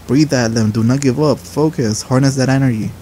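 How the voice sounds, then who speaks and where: A man voicing a calm older master who speaks in a measured, reassuring way. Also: mid-range voice, slight background noise, close to an everyday voice. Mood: steady. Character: calm older male master, steady mentor.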